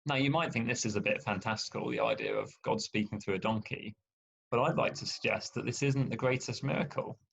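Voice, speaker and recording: A man's voice: fairly low pitch, fairly quick, gravelly, a bit bright, slight background noise. A man preaching a sermon in a conversational storytelling way, with wry asides. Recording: dull lo-fi sound.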